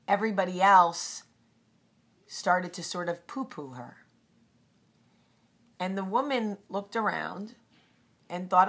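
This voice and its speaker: A woman's voice: fairly low pitch, measured pace, fairly bright tone. A woman hosting a casual storytelling vlog, chatty with frequent ums. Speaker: host.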